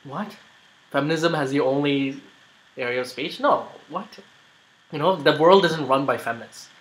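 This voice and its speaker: A man's voice: a little high, moderate pace, heavy background noise. Argumentative man rambling over a video. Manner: argumentative, rambling, many "you know"s. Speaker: YouTuber making a response video. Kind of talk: commentary on a played video.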